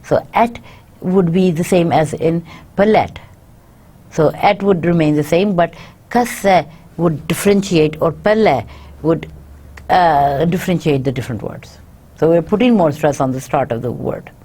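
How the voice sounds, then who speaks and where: Woman lecturer w/ a lowish mellow voice, says stuff twice w/ lots of uhs. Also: measured pace, husky. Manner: explains each point twice, many fillers. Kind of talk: university lecture, reading and paraphrasing.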